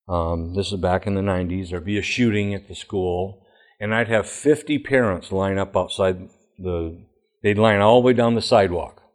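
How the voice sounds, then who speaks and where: A middle-aged man, a former school principal, giving a plain-spoken presentation full of emphatic anecdotes. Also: fairly low pitch.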